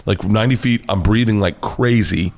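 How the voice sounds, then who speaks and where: American male comedian, animated storyteller, swears freely, jumps into high-voiced impressions. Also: moderate pace. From United States. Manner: excitable, swears freely, acts out quotes in a high voice. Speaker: guest comedian.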